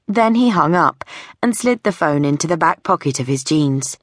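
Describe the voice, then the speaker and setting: Brief: woman audiobook narrator, lowish voice, measured and wry, close dry studio sound. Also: lively intonation, no room sound.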